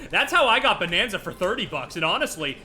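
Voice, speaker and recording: A man's voice: high-pitched, sing-song, fairly quick, sharp tone, faint music behind. A man streaming a video game, ranting casually with lots of laughter and swearing. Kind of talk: casual gameplay stream commentary.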